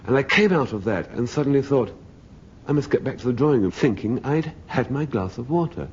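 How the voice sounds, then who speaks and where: A man's voice: mid-range voice, expressive, brisk. A middle-aged man telling a wry, droll comic anecdote as a panelist on a radio panel show. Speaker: comedy panelist. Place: radio studio with audience. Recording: dull 1970s radio broadcast with faint hiss.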